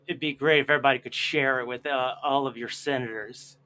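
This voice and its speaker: Brief: bright, sharp-toned male host, joking through a video call. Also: mid-range voice, fairly even intonation, fairly quick. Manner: playful, self-mocking, laughs often. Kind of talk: casual banter on a livestream.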